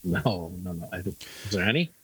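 A playful male comedian from Michigan, guesting on a podcast and riffing on silly catchphrases. His voice is husky and very animated in pitch. The recording is close and dry. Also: fairly quick, dry recording, rough recording. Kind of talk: casual podcast banter.

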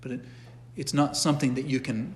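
A man's voice: mid-range voice, fairly even intonation, fairly quick, a little hiss or hum. Man teaching a church class in an echoey hall. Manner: conversational, with frequent restarts and asides. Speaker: catechism teacher. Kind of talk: informal church class lecture. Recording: long echo of a church hall.

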